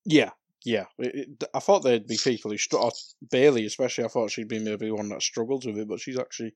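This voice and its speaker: A man co-hosts a podcast in a relaxed, rambling way, laughing and sighing as he goes. His voice sits in the middle of the male range, and the sound is dry and close. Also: mid-range voice, fast talker, no echo. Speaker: podcast co-host. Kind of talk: casual wrestling chat.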